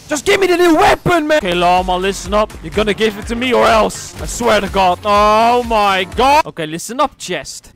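A young man giving excitable, trash-talking commentary over his own gameplay as a streamer. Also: extremely high pitch. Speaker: gaming streamer. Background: game music.

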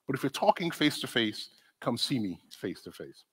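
A man giving a conference talk on church ministry, conversational and animated, often asking the audience questions. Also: mid-range voice, brisk, slightly rough. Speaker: conference speaker on disability ministry. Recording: long hall reverb.

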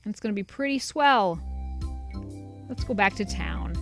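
A woman gives casual, chatty let's play commentary over a video game, sarcastic and swearing freely, with soft music in the background. Her medium-pitched, gravelly voice has lively intonation at a normal speed, picked up by a desk USB headset mic.

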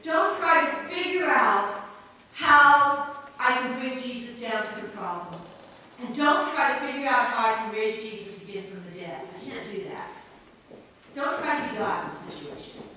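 A woman pastor preaching a sermon earnestly, swinging between emphatic lines and hushed ones. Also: a little high, a little hiss or hum. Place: church sanctuary. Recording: echoey church hall from far off.

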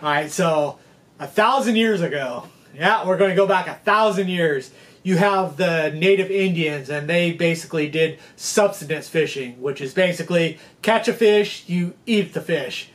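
A man's voice: fairly high pitch, normal speed, a bit bright. A man hosting a fishing channel, telling history as a casual, rambling lesson and checking in with his listeners. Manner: chatty, rambling, checks in with "okay?". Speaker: fishing guide and channel host.

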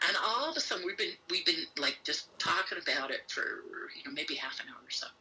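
A woman guest recounting an experience in an interview, acting out what others said with sudden pitch jumps and many fillers, talking while pacing on a call. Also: animated, fast, sharp tone, low-quality recording. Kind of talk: animated storytelling in an interview. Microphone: phone or remote call while pacing.

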